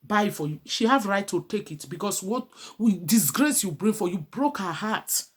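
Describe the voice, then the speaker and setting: A woman's voice: medium pitch, expressive, normal speed, husky. A middle-aged woman giving a pleading, preachy advice monologue as a vlogger.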